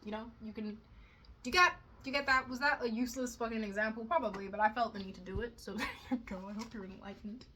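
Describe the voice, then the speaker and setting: A woman's voice: on the high side, steady tone, fast, sharp tone, a little hiss or hum. A young woman vlogging in a casual, rambling way, swearing often and poking fun at herself. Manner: chatty, swears a lot, self-mocking asides.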